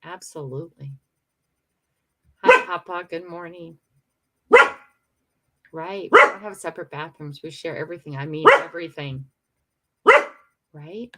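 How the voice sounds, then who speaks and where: A woman's voice: deep voice, unhurried, long pauses, heavy background noise. An older woman hosting a casual morning livestream, chatting emotionally and talking straight to her viewers. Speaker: livestream host.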